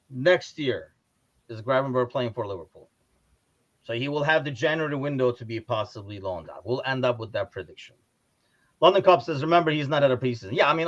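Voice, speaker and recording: A man's voice: on the low side, a bit bright, lo-fi sound. A man hosting a casual livestream chat about sport, rambling with restarts and reading out viewer comments. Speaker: podcast host.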